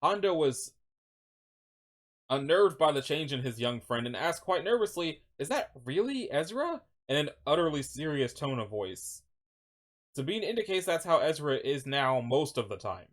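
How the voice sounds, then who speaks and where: Lively, higher-voiced man reading commentary. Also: normal speed. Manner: animated, frequent self-corrections. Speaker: video narrator.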